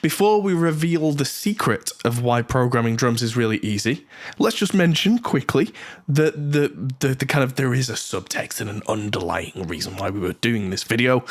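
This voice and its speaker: A male host chatting casually with a guest, joking and throwing in quick asides. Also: medium pitch, animated. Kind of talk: casual video-call chat.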